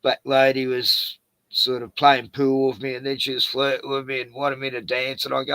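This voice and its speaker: A man's voice: mid-range voice, monotone, normal speed, creaky, bright, forceful tone, dry recording, rough recording. Profane Australian man spinning yarns. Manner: profane, rambling anecdotes with laughs. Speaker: streamer. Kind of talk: casual chat.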